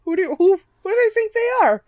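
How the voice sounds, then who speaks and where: A woman's voice: very high voice, sing-song, brisk, darkish tone, no room sound, highs cut off, voice pushed up. Woman doing a muttering, skeptical male guard. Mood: scoffing. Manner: muttering, scoffing.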